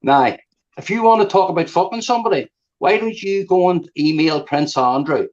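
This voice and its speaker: A man's voice: sits high, lively intonation, normal speed. A man with a Belfast accent hosting a live stream panel, ranting and mocking with constant swearing. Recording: dull lo-fi stream audio.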